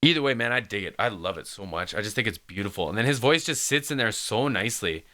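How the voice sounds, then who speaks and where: Bright, clear-voiced rambling male reactor. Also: on the low side, expressive, fast talker. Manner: rambling, full of "like" and "man". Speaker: music reaction host. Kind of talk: casual reaction commentary.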